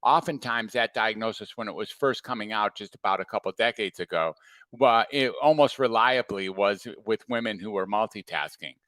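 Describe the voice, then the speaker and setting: A man, a former psychiatrist now working as a coach, giving a calm and reflective talk to an audience. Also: fairly low pitch, normal speed, no room sound.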